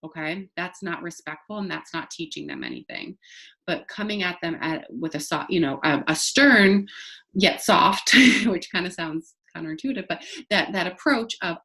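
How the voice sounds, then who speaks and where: A woman's voice: on the low side, normal speed, a bit bright. A woman giving a recorded training talk to childcare staff, speaking conversationally to the camera with many fillers and restarts. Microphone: facing the camera.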